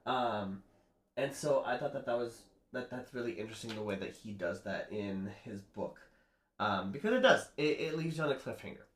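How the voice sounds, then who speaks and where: A man's voice: medium pitch, expressive, moderate pace, slight background noise. Nervous guy rambling thru a book recap, lots of um and you know, echoey room. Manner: rambling, many fillers and restarts. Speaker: book reviewer doing makeup. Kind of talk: casual chatty book recap. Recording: roomy echo.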